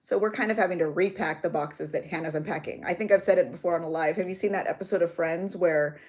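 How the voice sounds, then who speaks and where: A woman's voice: on the low side, quick pace, a little mellow. A woman in her thirties hosting a live chat for her journaling channel, bubbly and chatty, greeting viewers by name and laughing often.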